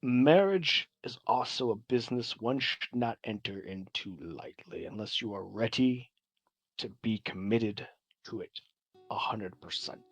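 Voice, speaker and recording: A man voicing a gruff, cigar-smoking nobleman and father who speaks formally and curtly. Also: fairly low pitch, expressive, measured pace, faint music behind, pitched below the performer's own voice, low-quality recording. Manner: formal, curt, weary.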